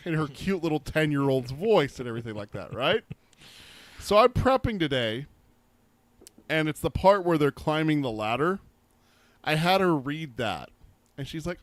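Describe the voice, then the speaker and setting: Animated laughing male podcast co-host. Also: on the high side, normal speed, no room sound. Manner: animated, swears and laughs while telling stories. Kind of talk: casual chat.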